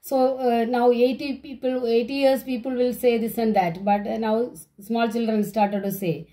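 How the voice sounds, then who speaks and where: A woman with an Indian English accent teaches an online class. Her voice sits slightly high. She explains slowly and patiently, repeating sounds and words, and fills her pauses with "uh". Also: fairly even intonation, dark tone, low-quality recording. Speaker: school teacher.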